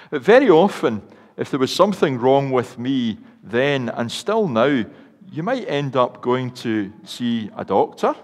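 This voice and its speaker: An older Scottish man gives a children's talk from the front of a church, his voice rising and falling a lot as he tells stories and asks the children questions. A long reverb from the large church hangs after his words. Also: mid-range voice. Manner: warm storytelling to children, asks them questions. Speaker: minister.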